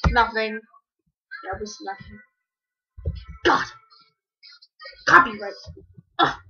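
A woman giving casual, rambling commentary while playing a game, breaking into sudden excited yelps. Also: a little high, slow. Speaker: gamer. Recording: dull lo-fi recording.

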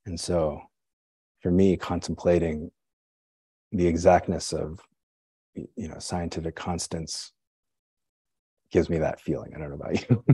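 A man speaks at a deep, low pitch with a husky, slightly breathy tone as he gives a Zen dharma talk. His delivery is conversational and musing, asking himself questions and checking in with the listeners. The voice is close and dry, with little room sound. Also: steady tone, a little slow, pauses often, warm tone, no echo. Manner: frequent "right?" and "you know". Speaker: Zen teacher.

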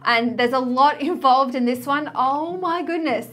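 A woman's voice: sits high, unhurried, a bit bright. A woman in her thirties who works as a spiritual coach, talking to camera in a personal, confessional vlog and leaning hard on the word "literally.". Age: 30s. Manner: heartfelt, confessional, repeats "literally". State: tearful, choked up.

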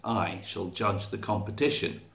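A man voicing a calm male kudu antelope who acts as judge, in a storybook reading. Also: low-pitched, a little slow, creaky, pitched below the performer's own voice, exaggerated voice. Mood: measured. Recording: echoey room.

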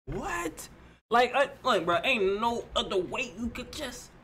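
A man's voice: very high voice, normal speed, sharp tone, husky. An American man hosting a casual reaction video, talking in disbelief, often repeating himself and tacking "bro" onto his lines. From United States. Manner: incredulous, repeats words and stumbles, says "bro" a lot.

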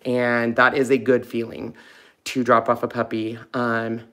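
A man hosting a casual live stream at home, talking fondly to puppies with soft baby talk. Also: medium pitch, completely flat delivery, measured pace. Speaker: host of a live puppy stream.

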